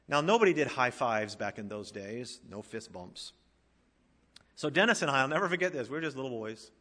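A middle-aged man preaching a sermon, swinging from emphatic rising questions to quiet, intimate storytelling. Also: medium pitch, lively intonation, brisk. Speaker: pastor. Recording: long hall reverb.

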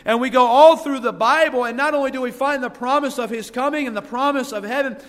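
A man preaching a folksy sermon who reads scripture slowly and with emphasis. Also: extremely high pitch, a bit bright, in a large hall. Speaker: guest preacher. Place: church hall.

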